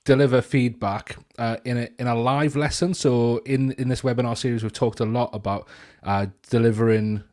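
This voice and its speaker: A man's voice: mid-range voice, steady tone, normal speed, a little mellow. A man with a Geordie accent, a senior school leader presenting a teaching webinar in a chatty, enthusiastic way over a video call. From northeast England. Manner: chatty and enthusiastic, with frequent restarts.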